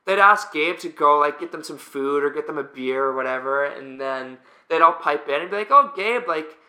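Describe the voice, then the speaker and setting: In a fairly high, sharp voice and a slightly fast pace, a young Canadian man tells casual stories as a guest. He is a pro volleyball player, and his storytelling rambles with fillers and restarts. The recording has a roomy echo.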